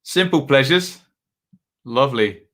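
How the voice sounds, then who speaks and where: A man's voice: mid-range voice, expressive, a little slow, a bit bright. A man hosting a live football watchalong stream, chatting casually and reading out viewer comments between match updates.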